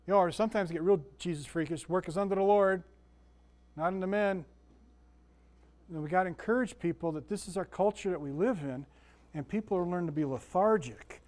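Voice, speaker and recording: A man's voice: high voice, fairly quick, a little mellow. Chatty man teaching a Bible class. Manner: folksy, chatty, asks the room questions. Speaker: Sunday school teacher.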